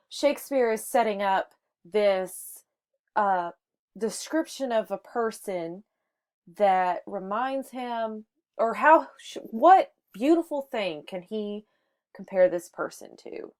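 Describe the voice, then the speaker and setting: A woman teaching a short lesson on poetry, explaining step by step with some fillers and restarts. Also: medium pitch. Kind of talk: microteaching lesson on sonnets.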